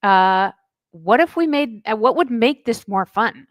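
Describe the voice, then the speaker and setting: A middle-aged woman, a life coach, telling a lively personal story as a podcast guest, acting out the dialogue. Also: on the high side, unhurried, dry recording. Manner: chatty, animated storyteller who acts out dialogue. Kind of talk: casual interview storytelling.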